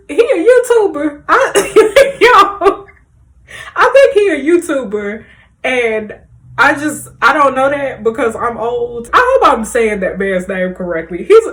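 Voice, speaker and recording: Animated woman reacting to a game. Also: mid-range voice. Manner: animated, chatty, talks straight to viewers. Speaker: gaming video creator. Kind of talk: let's play commentary reading in-game messages.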